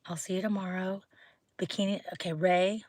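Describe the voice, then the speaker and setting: A woman's voice: on the low side, steady tone, normal speed, darkish tone, no echo. A woman hosting a casual livestream from home, rambling and often dropping into a whisper as she chats with viewers. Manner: chatty, often drops to a whisper; rambling, thinks aloud. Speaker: livestream host. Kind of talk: casual live chat with viewers.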